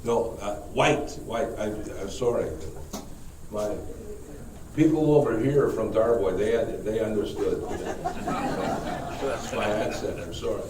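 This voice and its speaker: A man, a priest, leading a Bible study class, speaking haltingly, repeating words and putting questions to the group. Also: on the low side, crowd noise. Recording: echoey room, mic far off, faint noise.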